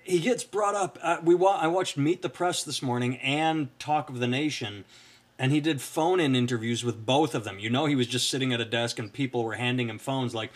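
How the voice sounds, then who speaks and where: A man with a voice of middling pitch rambles through casual podcast stories, acting out other people's lines as he goes. He talks in a loose, offhand way. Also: normal speed, fairly bright tone. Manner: rambling, storytelling with acted-out quotes. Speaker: podcast co-host. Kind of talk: casual chat.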